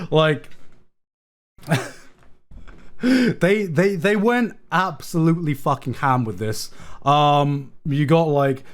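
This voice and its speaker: A young man chatting casually on a live stream. He is excitable, swears a lot and repeats himself. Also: a little high, drawn-out words, long pauses.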